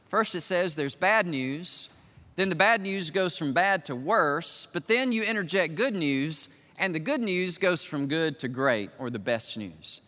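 An older man preaching as a pastor, moving from quiet musing to loud, emphatic declarations. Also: a little high, expressive, unhurried. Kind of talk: sermon. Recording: long reverb of a large hall.

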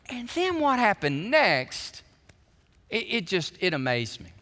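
A pastor preaches with a high, bright voice and big swings between hushed prayer and loud shouts. His delivery is animated and full of movement. The sound carries a long reverb from a large hall. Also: measured pace, long pauses. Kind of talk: sermon.

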